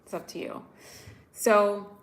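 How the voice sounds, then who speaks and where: Young American woman vlogger, chatty and animated, telling viewers a story, near tears. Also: medium pitch, slow, slight background noise. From United States. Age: young adult. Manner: chatty, animated, many "like"s, addresses viewers directly. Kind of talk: casual storytelling to live viewers.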